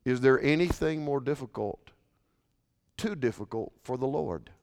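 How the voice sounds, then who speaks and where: A man pastor preaching a sermon, swinging from hushed, intimate lines to shouted, passionate ones. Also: medium pitch, unhurried, gravelly. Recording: long reverb of a large hall.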